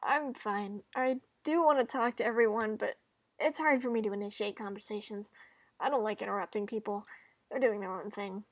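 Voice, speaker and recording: A woman voicing a shy, teary student who cries easily, speaking softly and apologetically. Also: medium pitch, moderate pace, no room sound, close to an everyday voice. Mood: shy, apologetic. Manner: soft, quiet and apologetic.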